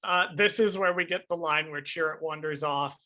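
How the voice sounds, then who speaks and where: A man's voice: a little high, moderate pace. A man co-hosting a podcast, chatting casually and emphatically while reviewing a film. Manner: animated, emphatic, swears casually. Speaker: podcast co-host.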